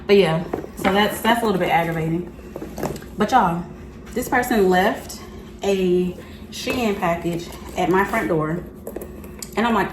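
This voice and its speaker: A young woman talks to her viewers in a chatty, slangy vlog, animated and often laughing. Her voice sits a little low. The room is echoey, with a faint hum behind her. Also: moderate pace. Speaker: vlogger. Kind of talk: casual storytelling to camera.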